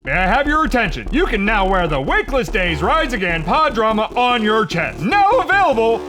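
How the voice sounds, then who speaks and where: A showy male commercial announcer hawking merchandise, as a podcast producer puts him on. The voice is pushed up high and bright, with big swoops. The delivery is salesy and theatrical, like a comedy ad spot. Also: very animated, moderate pace, faint music behind, exaggerated voice. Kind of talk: comedy ad sketch.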